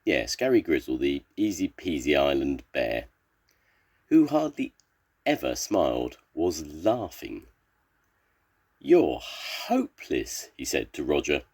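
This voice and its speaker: An older man, a grandfather, reading a children's story aloud in a slow, expressive storybook way. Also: very deep voice, slightly rough.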